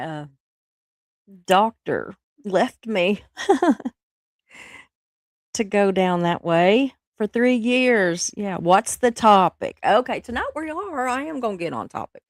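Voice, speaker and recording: A woman's voice: mid-range voice, no room sound, clean studio sound. Chatty woman with the flu. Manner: rambling, chatty, laughs often, reads chat aloud. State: sick with the flu. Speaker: livestream host. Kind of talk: casual chat with live viewers.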